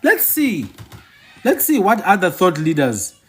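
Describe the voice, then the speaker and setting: A man delivers an impassioned, rhetorical monologue. His voice sits slightly high and swings widely in pitch. He hammers points home by repeating phrases and slips in dry, mocking asides. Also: huge pitch swings, measured pace, a bit bright. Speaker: commentator.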